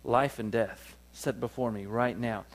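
A male pastor, preaching a sermon, swinging from loud, high peaks down to low, quiet stretches and calling for "amen" from the room. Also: steady tone, measured pace. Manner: call-and-response preaching, rises to loud peaks then drops low.

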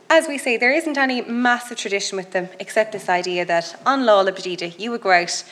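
A woman with an Irish accent giving a public lecture, telling stories lively and mimicking the people she met. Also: a little fast, few pauses. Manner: lively storytelling, mimics islanders in high voices.

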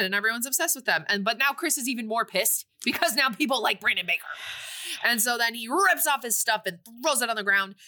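A woman with a bright, sharp voice recaps a movie plot for a podcast. She talks casually and with lots of energy, and she drops into playful voices for the characters. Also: on the high side. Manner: animated storytelling with playful quoted voices. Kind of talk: casual chat.

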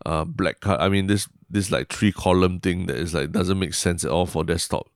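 Low-voiced Singaporean guy, rambling podcast chat. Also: normal speed, dry recording, studio quality. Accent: Singaporean English. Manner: rambling, self-interrupting, frequent "lah" and "like". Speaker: podcast co-host.

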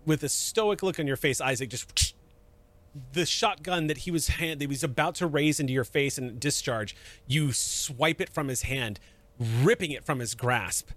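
A man narrating and running a tabletop game as game master, in calm, measured scene narration. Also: fairly high pitch.

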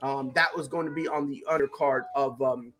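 A man's voice: mid-range voice, fairly even intonation, fairly quick, fairly bright tone. A man co-hosting a casual sports chat, boisterous and emphatic, making bold hyped predictions. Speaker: podcast co-host.

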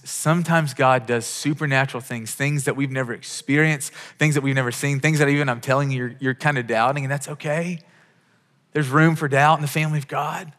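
A man's voice: medium pitch, a bit bright, in a large hall. A man preaching a sermon as a pastor, telling stories with quoted dialogue and frequent restarts.

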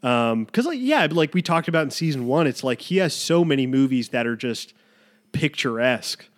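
A man's voice: mid-range voice, big pitch swings, moderate pace. A young man co-hosting a casual film podcast, rambling and swearing a little as he acts out quotes. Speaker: podcast co-host.

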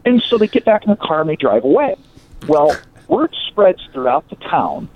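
Male storyteller, lively swooping delivery, slightly high voice, tinny phone-like dry sound. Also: normal speed. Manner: animated, acts out quoted voices. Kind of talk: casual storytelling of local history.

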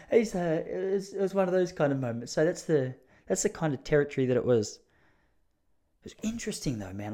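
An Australian-accented man with a warm, mid-range voice chats his way through comic stories, rambling and making fun of himself in a casual storytelling monologue.

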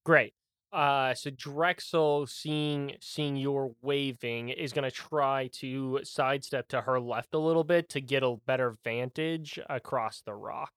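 A game master narrates a tabletop game at a slow, relaxed pace, with plenty of fillers and chuckles along the way. The voice sits at a middle pitch, and the recording is dry and close. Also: smooth, dry recording.

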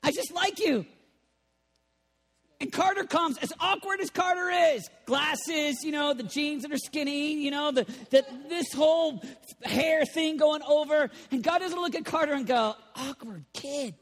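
High-voiced preacher man in a big echoing hall. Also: normal speed. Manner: animated, playful, bursts into shouting. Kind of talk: lively sermon. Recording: long reverb of a large hall.

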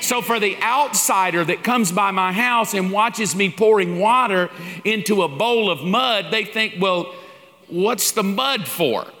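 A man's voice: high-pitched, measured pace, pushed and bright. A man preaching a sermon-style lesson in a folksy, humorous way, acting out little dialogues. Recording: long hall reverb.

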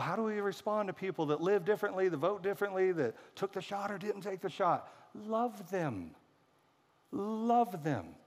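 A man's voice: high voice, in a large hall. A male pastor giving a casual, humorous sermon and acting out quoted voices. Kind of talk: conversational sermon.

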